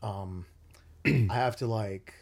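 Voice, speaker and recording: Podcast host, young man, low husky voice, earnest rambling delivery. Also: slow pace, a little mellow. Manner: earnest, rambling, many fillers. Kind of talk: casual chat.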